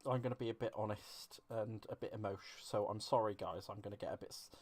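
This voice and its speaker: A man's voice: on the low side, fairly even intonation, brisk, a little mellow. A man hosting a crafting live stream, chatting casually and rambling, answering viewers' comments and poking fun at himself. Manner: chatty, rambling, self-deprecating, reads and answers chat. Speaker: crafting livestream host.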